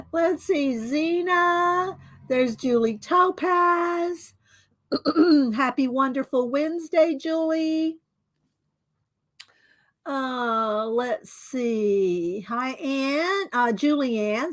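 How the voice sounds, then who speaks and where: Lady hosting her art stream, high voice, slow easygoing talk, lots of little laughs. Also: lively intonation, fairly bright tone. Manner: chatty, laughs often, drawls greetings to viewers. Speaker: live-stream art host. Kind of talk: casual live-stream chat greeting viewers.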